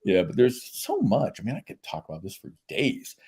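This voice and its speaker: A man guest in a casual interview, telling lively anecdotes and laughing often. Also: fairly low pitch, normal speed, husky. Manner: animated storyteller, laughs often.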